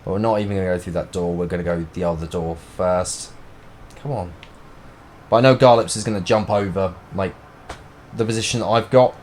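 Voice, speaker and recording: A man's voice: sits low, steady tone, brisk, darkish tone, a little hiss or hum. A man, chatting and rambling in a joking way while streaming a video game live. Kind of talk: casual live-stream gameplay chat.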